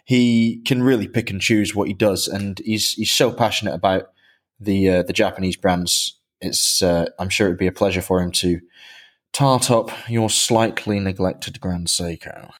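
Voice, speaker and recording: A man's voice: low-pitched, steady tone, normal speed. Chatty man on a podcast. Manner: chatty, laughs easily, self-deprecating. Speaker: podcast co-host. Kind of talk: casual chat, reading interview answers aloud.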